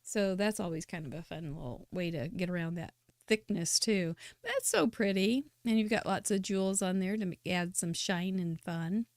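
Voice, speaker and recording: A woman hosting a live crafting show, chatting warmly and enthusiastically as she praises viewers' handmade cards. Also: on the low side, lively intonation, moderate pace, no echo, studio quality. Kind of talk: live-stream card showcase commentary.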